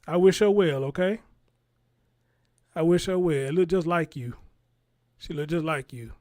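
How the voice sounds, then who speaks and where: A man's voice: a little high, unhurried, a little mellow. Chatty man in his forties. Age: 40s. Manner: rambling, chatty, talks straight to viewers. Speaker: live stream host. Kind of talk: casual live-stream commentary.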